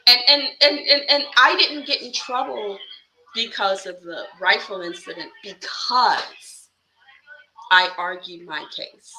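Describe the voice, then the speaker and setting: A woman telling a story in casual podcast chat, animated and sarcastic with mock-polite asides. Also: medium pitch, takes it slowly, low-quality recording. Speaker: podcast co-host.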